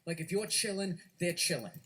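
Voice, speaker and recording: A man's voice: high-pitched, expressive, brisk, fairly bright tone. A man doing stand-up comedy on stage, ranting and swearing in a conversational way.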